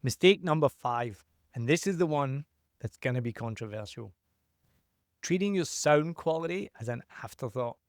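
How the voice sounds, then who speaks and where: A man's voice: mid-range voice, expressive, normal speed, no room sound, studio quality. A man hosting a solo podcast, giving direct, emphatic advice in a punchy, opinionated way. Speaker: podcast host and consultant.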